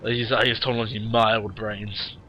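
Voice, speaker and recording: A man's voice: lowish voice, little pitch movement, a little slow, dull audio. A tired man who yawns now and then, giving casual, rambling, blunt commentary on a game replay and swearing freely. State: tired, yawning.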